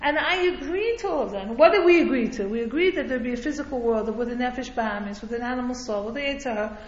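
A woman's voice: a little high, animated, fast talker. A woman teaching a religious class in a conversational way, often checking in with "right?" and chuckling between points, with listeners in the room. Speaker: Torah teacher. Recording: echoey lo-fi room recording.

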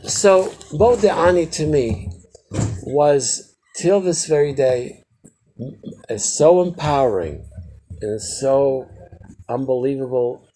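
An older man giving an informal Chassidic teaching to a small group, telling stories animatedly and swinging from loud exclamations to quiet asides. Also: poor audio. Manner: animated storyteller, quick shifts from loud exclamations to low asides.

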